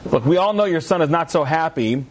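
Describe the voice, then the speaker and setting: A man's voice: fairly high pitch, lively intonation, fairly quick, a little hiss or hum, close to an everyday voice. A man voicing a loyal, longtime female executive assistant who reports urgently to her boss.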